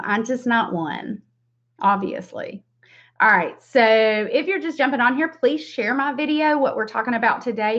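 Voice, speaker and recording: A woman in her forties with a Southern US accent, chatting casually while doing her makeup on a livestream and greeting viewers by name. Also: mid-range voice. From American South. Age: 40s. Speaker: makeup vlogger. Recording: slightly dull lo-fi sound.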